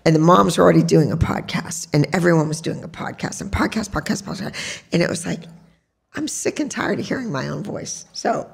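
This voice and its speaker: A woman who hosts a podcast and teaches dance, telling stories in a chatty, animated way at a live show in a sports bar. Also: low voice, a little fast, creaky, slightly rough. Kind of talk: storytelling on stage at a live podcast event.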